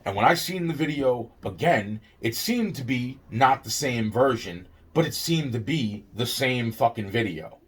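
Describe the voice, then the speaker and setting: A man's voice: medium pitch, a little slow, few pauses, slightly rough. A man telling a personal story in casual speech, stammering and swearing often as he acts out the back-and-forth. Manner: stammering, profane, animated.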